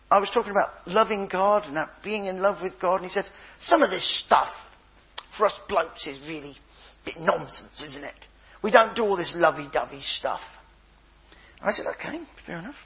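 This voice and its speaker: An older man preaching a sermon, telling stories with playful voices and a husky tone. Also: high voice, fairly quick, muffled recording. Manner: animated storytelling with playful voices.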